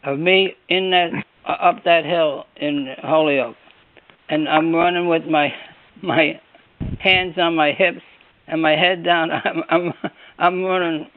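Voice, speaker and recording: Man, fairly high voice, animated storyteller, tinny dry phone line. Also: takes it slowly, no room sound. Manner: animated, repeats words, laughs while telling. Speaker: former coach on a reunion call. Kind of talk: casual storytelling. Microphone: telephone.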